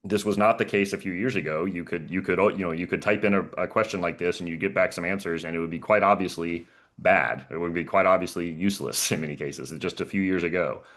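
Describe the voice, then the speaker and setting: Deep voiced guy on a webinar, stops and restarts a lot, little laughs. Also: fairly even intonation, fairly bright tone. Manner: halting, repeats words, chuckles often. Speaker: panelist and professor. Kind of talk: casual webinar explanation.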